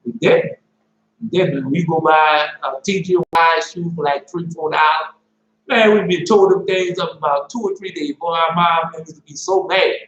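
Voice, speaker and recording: Excitable high-voiced preacher, echoey room. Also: male voice, normal speed, a little hiss or hum. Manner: excitable, preachy, slangy, keeps saying "man" and "boy". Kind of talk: informal sermon and Bible teaching. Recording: echoey room, dull lo-fi sound.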